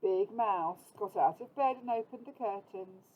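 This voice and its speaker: A British woman teacher reading a story aloud to young children, gently inviting them to make sounds. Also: medium pitch, measured pace, lo-fi sound. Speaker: primary school teacher.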